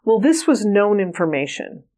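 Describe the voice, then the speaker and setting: A woman's voice: mid-range voice, big pitch swings, moderate pace, warm tone. A woman guest in an interview, earnestly telling personal stories in a candid, conversational way with frequent restarts. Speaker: interview guest, remote viewing trainer.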